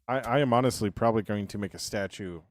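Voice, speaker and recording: Sarcastic male gaming streamer, low voice. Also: fast talker. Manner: dry, sarcastic self-mocking. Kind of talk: casual live gameplay commentary.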